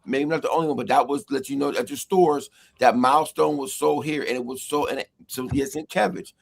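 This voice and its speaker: A man's voice: mid-range voice, a little fast, creaky. A man co-hosting a casual podcast who explains comics history like a lecturer. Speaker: podcast co-host. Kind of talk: casual panel chat.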